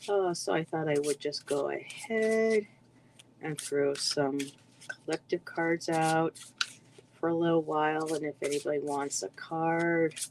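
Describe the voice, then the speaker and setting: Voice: medium pitch, a little hiss or hum, poor audio. A card reader hosting a casual livestream, greeting viewers in the chat by name and now and then tripping over words.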